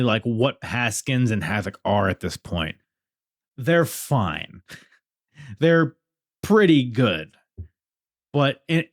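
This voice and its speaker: A man's voice: on the low side, no room sound, studio quality. A young man hosting a podcast, talking casually and swearing freely as he recaps events. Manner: conversational, swears freely, acts out quotes. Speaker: podcast host. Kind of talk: casual solo review podcast.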